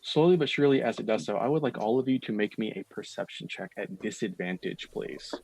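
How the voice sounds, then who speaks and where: A man running a tabletop horror game as dungeon master, describing scenes slowly and with suspense, with casual asides to his players. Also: lowish voice, lively intonation, a little mellow, husky.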